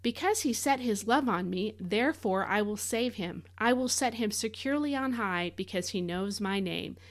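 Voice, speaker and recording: Earnest woman teaching the Bible. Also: medium pitch. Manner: earnest, conversational, emphatic. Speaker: podcast host, Bible teacher.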